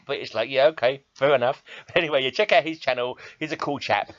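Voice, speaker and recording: A man's voice: mid-range voice, fairly even intonation, fairly quick, a bit bright. A man talking casually about comics in a rambling, self-mocking way. He laughs at himself often and speaks in a medium voice. The recording is dull and muffled, with a close, dry sound and no room echo. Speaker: comic book vlogger and metal podcaster.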